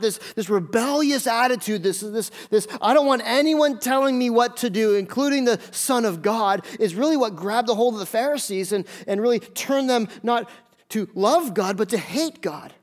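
A man's voice: very high-pitched, animated, normal speed. A man preaching a sermon in a church, talking conversationally and often asking the congregation questions. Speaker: pastor.

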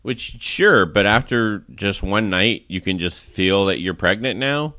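A man's voice: lowish voice, a little slow, pushed and bright, dry recording. A man hosting a casual movie review podcast, recapping the plot in a rambling way with lots of "like" and laughs. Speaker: podcast host.

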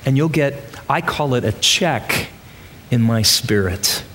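A man's voice: mid-range voice, animated, slow pace, fairly bright tone, slight background noise. A man preaching a sermon in a church, emphatic and full of rhetorical questions to his congregation. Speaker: pastor. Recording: long reverb of a large hall.

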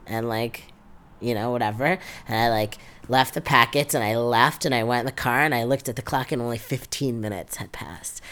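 A young adult man with a New York accent tells a personal story in an oral history interview, packing it with "like" fillers and quoted dialogue. His mid-range voice is brisk, fairly bright, clear and resonant.

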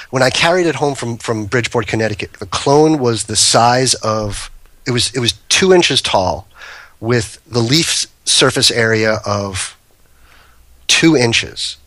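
A man's voice: medium pitch, a bit bright, no room sound. A man guest on a podcast telling rambling anecdotes full of restarts and asides. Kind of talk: casual storytelling.

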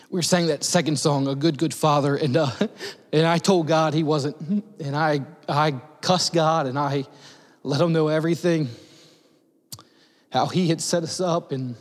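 A man, a pastor, telling a personal story in a sermon, halting and restarting with many fillers. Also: on the high side, steady tone. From United States. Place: church sanctuary. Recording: long hall reverb.

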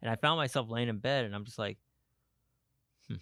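A man hosting a personal podcast, talking candidly in a halting way, with frequent restarts and fillers. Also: medium pitch, sharp tone, no echo, clean studio sound. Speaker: podcast host.

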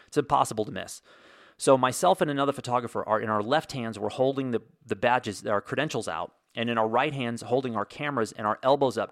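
Gravelly middle-aged male storyteller. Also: mid-range voice, a bit bright, no room sound, clean studio sound. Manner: conversational, rambling with restarts and asides. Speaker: podcast host. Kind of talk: casual storytelling.

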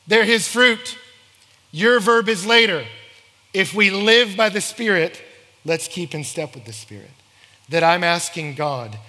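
Animated preacher man in a reverberant hall. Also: on the high side. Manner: animated, acts out dialogue in voices. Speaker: pastor. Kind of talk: sermon with storytelling.

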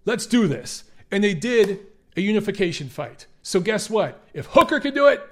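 A man's voice: high voice, sing-song, normal speed, fairly bright tone. A man hosting a boxing show, talking casually and bluntly with some profanity while answering viewer questions.

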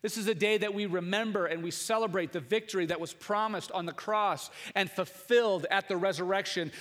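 Male pastor, thirties, light and high, ringing bright tone, casual anecdote to fervent sermon. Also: fairly quick, few pauses, in a large hall. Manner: conversational storytelling, rising to emphatic preaching. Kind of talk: Easter sermon with personal story.

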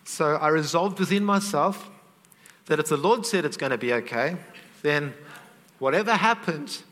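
A man's voice: on the high side, expressive, moderate pace, a bit bright, long reverb tail. A middle-aged man teaching on faith, earnest and heartfelt, openly emotional as he tells a family story. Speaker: Christian teacher.

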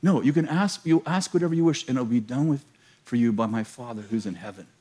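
A middle-aged American pastor preaching a sermon to a church, telling a story with laughter and self-mocking humor. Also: male voice, medium pitch, quick pace, warm tone. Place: large church.

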